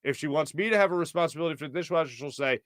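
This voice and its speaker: A man's voice: fairly high pitch, very fast, a bit bright, no room sound, studio quality. A man hosting a sports talk show, chatty and jokey, often laughing. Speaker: sports radio host.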